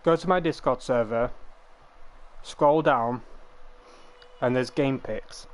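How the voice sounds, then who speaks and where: A young man talking to his viewers on a live game stream. He speaks at a middle pitch and wanders through long, meandering explanations. He sounds casual and unhurried.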